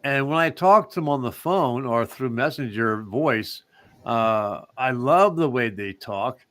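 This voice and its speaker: A man's voice: mid-range voice, lively intonation, unhurried, a bit bright, dry recording. A man co-hosting a casual chat show, talking in a rambling, meandering way. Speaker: co-host.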